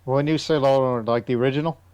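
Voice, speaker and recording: Smooth-voiced hesitant male co-host. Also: mid-range voice, fairly even intonation, very fast, a little mellow. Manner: hesitant, short reactive replies. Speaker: podcast co-host. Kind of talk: casual gaming podcast chat.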